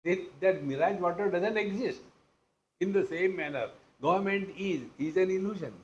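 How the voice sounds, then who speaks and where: An Indian-accented man gives a spiritual discourse in a slightly high voice. He teases his listeners and acts out the characters in his stories. The audio is dull and lo-fi. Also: normal speed, a little hiss or hum. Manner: playful, teasing, acts out the people in his stories. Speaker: spiritual teacher. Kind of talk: Vedanta discourse with storytelling.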